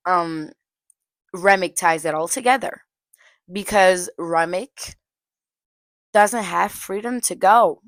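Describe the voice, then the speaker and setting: Slow, low-voiced woman reviewing a film. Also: a bit bright, no echo. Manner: chatty, heavy use of "like" fillers, occasional laughs. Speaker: movie reviewer. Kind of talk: casual spoken film review.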